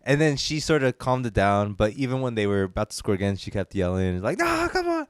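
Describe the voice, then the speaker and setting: A low-pitched man co-hosting a casual movie podcast, telling stories in a relaxed way. His voice is smooth and resonant, recorded dry and close with no room sound. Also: a little fast, no room sound. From United States. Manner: laid-back storytelling, quotes others in low asides. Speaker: podcast co-host. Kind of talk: casual chat.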